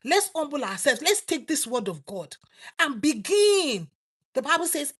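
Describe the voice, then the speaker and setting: A woman's voice: high voice, sing-song, normal speed, fairly bright tone. A woman with a Nigerian accent preaching a sermon, exhorting her listeners with rising and falling emphasis.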